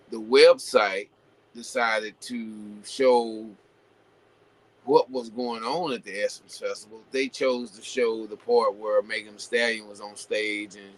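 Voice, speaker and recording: A man hosting his own show, talking casually and at length, full of "you know" fillers and restarts, building into animated rhetorical questions. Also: fairly low pitch, low-quality recording. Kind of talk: casual opinion monologue.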